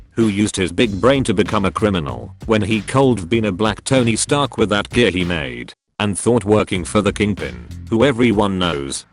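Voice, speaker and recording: A man with a lowish voice reads out a string of funny posts, his delivery bouncing up and down with animated intonation. Faint music plays underneath. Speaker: narrator reading funny posts. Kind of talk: read-aloud comedic narration.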